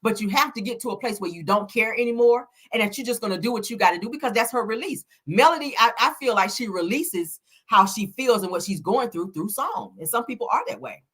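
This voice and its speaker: A woman's voice: fairly high pitch, animated, brisk, hardly any pauses, fairly bright tone, husky. A woman giving casual celebrity gossip commentary in a sassy, emphatic way, peppering her talk with "honey" and "child.".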